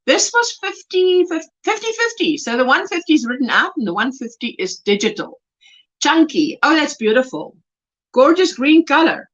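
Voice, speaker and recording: A woman from South Africa hosting a casual crochet livestream, chatty and animated, gushing over yarn and reading viewer comments aloud. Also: sits high, normal speed. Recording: dull lo-fi livestream audio.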